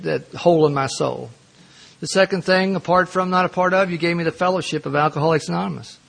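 A man's voice: a little high, vocal fry. A middle-aged man speaking at a recovery meeting, telling his own story in an earnest, self-mocking way and laughing often. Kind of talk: personal storytelling talk.

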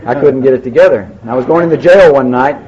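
A man's voice: medium pitch, fast talker, crowd noise. A man speaking at a recovery meeting, telling his story in a folksy way with dry humor. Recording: dull lo-fi recording, faint background.

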